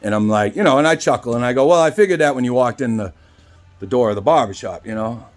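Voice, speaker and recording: A man's voice: mid-range voice, quick pace. A man who works as a barber tells a story in a casual, rambling way, often asking "right?" and acting out both sides of the exchange. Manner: rambling, with frequent tag questions.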